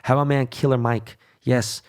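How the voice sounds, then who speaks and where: Brash, gravelly-voiced man hosting a podcast. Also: medium pitch, fairly even intonation, moderate pace. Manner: brash, blunt and profane, with rhetorical "right?" and "okay?" asides. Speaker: podcast host. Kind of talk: casual monologue.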